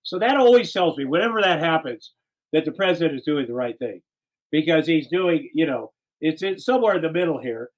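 A man's voice: on the high side, expressive, brisk, poor audio. A man hosting a political talk show, chatting in an earnest, rambling way with frequent restarts. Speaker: host.

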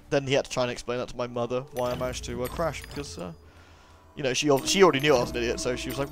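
A man's voice: medium pitch, steady tone, very fast. Chatty man commentating a game. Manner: chatty, rambling, jokey asides. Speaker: let's play host. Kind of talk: casual gameplay commentary. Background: game music.

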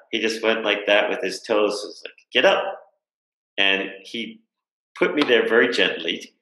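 A man with a lowish, sharp-toned voice is a guest on a video call, thoughtfully telling a reflective story full of fillers and frequent rhetorical questions. The recording is low quality, in an echoey room.

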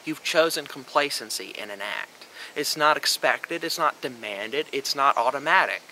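A man's voice: medium pitch, animated, normal speed, pushed and bright, slight background noise, rough recording. A young man delivering an emphatic, lecturing monologue on a vlog, swearing freely as he argues his point. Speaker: vlogger. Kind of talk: opinionated monologue.

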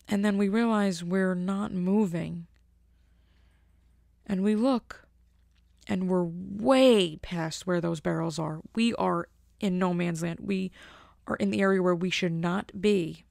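A woman hosting a podcast, telling a long rambling story in a casual, animated way. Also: medium pitch, creaky, no echo, studio quality. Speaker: podcast host.

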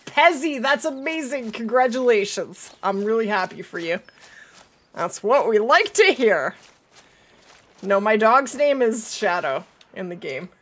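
A woman hosting a live gaming stream, chatty and excitable, laughing often as she reads out chat, while she is losing her voice. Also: a little high, unhurried. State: losing her voice, throat not clearing. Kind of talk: live gameplay commentary.

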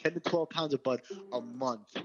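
A young man rambles through a relaxed podcast chat and fills his sentences with "like". His recording sounds slightly muffled. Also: mid-range voice, moderate pace, crowd noise. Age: young adult. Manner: rambling, lots of filler "like". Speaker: podcast co-host, host's son. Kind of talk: casual chat.

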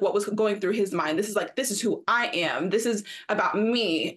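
A woman's voice: fairly high pitch, fairly bright tone. A woman co-hosting a sports talk show, arguing her point emphatically and acting out quotes in mocking voices. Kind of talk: studio discussion.

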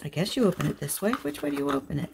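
A woman crafting vlogger chatting casually through an unboxing, gushing with excited exclamations. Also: on the high side, very fast, gravelly, very noisy.

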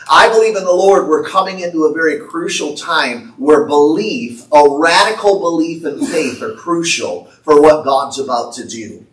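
A man preaching a prophetic sermon from the pulpit, slowly declaiming words he says he heard from the Lord. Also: on the high side, animated, a bit bright. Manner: slow, declaiming prophecy in the Lord's voice with rising intensity. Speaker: pastor. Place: church sanctuary. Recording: echoey church from far off.

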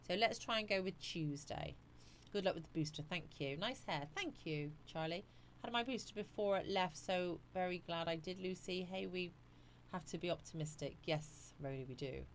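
Woman, live stream host, casual chat, lowish voice, faint background noise. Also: normal speed. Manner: chatty, reads viewer comments aloud.

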